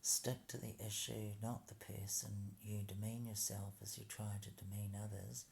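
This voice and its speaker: A man's voice: lowish voice, flat delivery, moderate pace, vocal fry, a little mellow, slight background noise. A man delivers a rambling, sarcastic monologue full of hesitations and mock slips.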